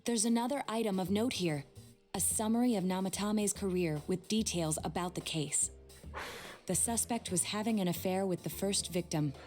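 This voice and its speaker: A woman voicing a calm, analytical young detective in an English video game dub, speaking in a measured, matter-of-fact way. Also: mid-range voice, faint music behind, lightly acted.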